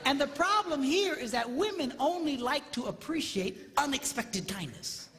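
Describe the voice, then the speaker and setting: Speaking at a moderate pace with a very high pitch, lively intonation, and a sharp tone, a fifty-something man delivers a comic marriage seminar before a live crowd in a large hall. He breaks into squealing impressions of women, and the hall sound is reverberant with faint noise.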